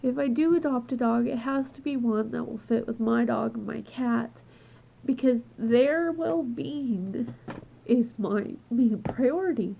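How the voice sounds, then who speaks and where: Casting: crying woman vlogger, high husky voice, slow and halting, dull lo-fi home recording. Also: a little hiss or hum. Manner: tearful, upset and heartfelt, trailing off and restarting. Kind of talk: emotional personal vlog. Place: at home with her dog.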